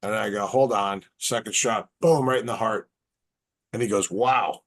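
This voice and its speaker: Animated low-voiced man telling stories. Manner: animated, halting, repeats words. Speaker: martial arts instructor, podcast guest. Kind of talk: casual storytelling.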